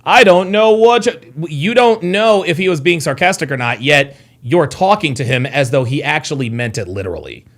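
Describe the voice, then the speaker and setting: A man's voice: mid-range voice, sing-song, a little fast, few pauses, fairly bright tone. A man hosting a live reaction show, heated and exasperated, cursing and repeating himself as he argues with a clip. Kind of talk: animated reaction commentary.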